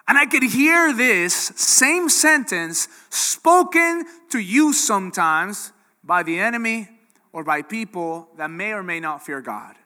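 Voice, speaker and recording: A man preaching with a high, very bright and forceful voice. He talks in a lively, conversational way and keeps turning to the crowd with questions. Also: takes it slowly, long reverb tail. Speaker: pastor. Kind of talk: sermon.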